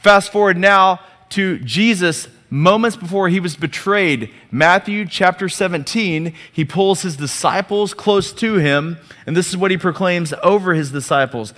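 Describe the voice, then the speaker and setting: In a big hall, a pastor preaches with a high-pitched, fairly bright voice, unhurried yet barely pausing. His sermon is conversational, full of rhetorical questions and call-and-response with the congregation.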